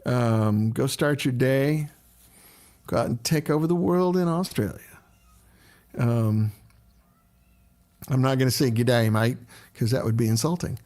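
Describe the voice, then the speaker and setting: Relaxed chatty man hosting a livestream. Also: mid-range voice, a little slow, pauses often. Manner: relaxed, rambling, greets viewers by name. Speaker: livestream host answering viewer questions. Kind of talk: casual livestream chat.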